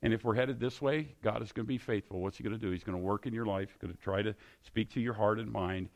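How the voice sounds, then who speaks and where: Gravelly-voiced preacher man. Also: lowish voice, fast talker, darkish tone. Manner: repetitive, emphatic questioning. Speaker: pastor. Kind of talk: sermon.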